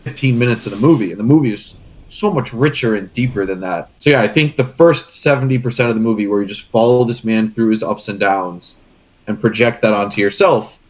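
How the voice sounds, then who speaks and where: A man's voice: lowish voice, a little fast. A young man chatting casually on a podcast, earnest and rambling, getting emotional as he talks. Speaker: guest co-host.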